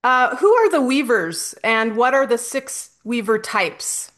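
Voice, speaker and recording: A woman's voice: fairly high pitch, lively intonation, measured pace, a bit bright. A woman hosting a spiritual interview, talking casually and hesitantly to viewers and asking an AI voice questions. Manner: hesitant, with fillers and restarts. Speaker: host interviewing an AI voice. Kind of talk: casual spoken talk to viewers.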